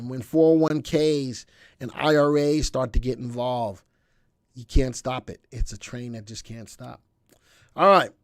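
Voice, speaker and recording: A man hosting a live stock market stream, talking in a chatty, energetic way and answering viewer comments as he goes. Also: medium pitch, no room sound, studio quality. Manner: chatty and energetic, often checking in with "all right?". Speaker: stock market show host.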